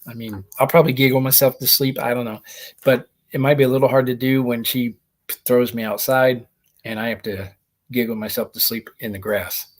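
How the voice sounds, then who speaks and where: A man's voice: medium pitch, fairly even intonation, brisk. A man hosting a comedy show, telling rambling stand-up stories and laughing through them as he talks into a laptop mic. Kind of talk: stand-up style monologue.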